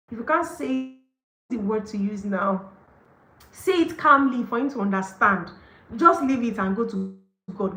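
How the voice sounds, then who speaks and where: A woman hosting a book study session. She reads from the book and comments on it in a gushing, excited way, laughing often and leaning on "like" and "okay". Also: mid-range voice, a little hiss or hum. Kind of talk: livestreamed devotional book reading and commentary. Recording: echoey room.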